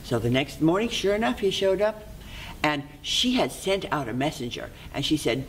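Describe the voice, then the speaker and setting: A storyteller telling a fairy tale aloud to listeners in a lively, expressive way, with repeated folk-tale phrasing. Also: mid-range voice, normal speed, a little hiss or hum, rough recording.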